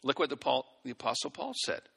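A man's voice: medium pitch, very animated, brisk, vocal fry, bright, forceful tone. A male preacher giving a sermon, exhorting and folksy, with acted-out asides, in a church hall. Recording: long hall reverb.

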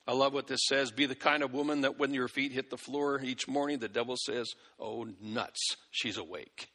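A man's voice: medium pitch, little pitch movement, brisk, pushed and bright. A male preacher giving a sermon, exhorting and folksy, with acted-out asides, in a church hall. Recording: long hall reverb.

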